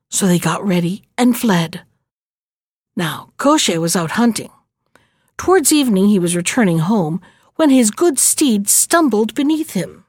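A woman reading a fairy tale aloud in a slow, measured narrating voice. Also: mid-range voice, big pitch swings, a little mellow, dry recording, clean studio sound. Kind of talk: storybook reading.

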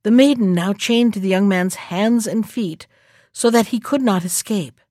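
A woman narrating a fairy tale aloud in a measured, unhurried reading. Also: mid-range voice, mellow, no echo, clean studio sound.

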